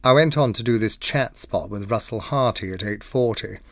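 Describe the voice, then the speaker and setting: Man, low voice, arch theatrical diary reading, dry close sound. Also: moderate pace, a bit bright, dry recording. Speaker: diary reader.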